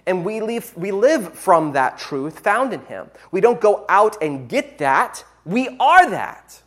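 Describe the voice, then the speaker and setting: An earnest preacher talks the listeners through a sermon, with a voice that rises and falls a great deal. The delivery is plain and teacherly, with now and then a quick self-correction mid-sentence. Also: medium pitch, very animated.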